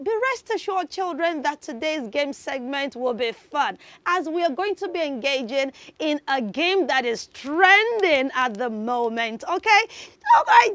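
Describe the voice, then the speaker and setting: A woman's voice: sits high, fairly bright tone, dry recording. A woman hosting a children's TV lesson, upbeat and coaxing like a teacher. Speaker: children's TV host. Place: TV studio.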